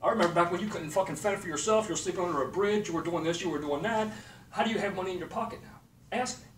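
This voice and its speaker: A man's voice: high voice, fast, fairly bright tone. A man giving a blunt, profane motivational monologue, punctuating points with "okay" and "period". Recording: echoey room, distant mic, faint noise.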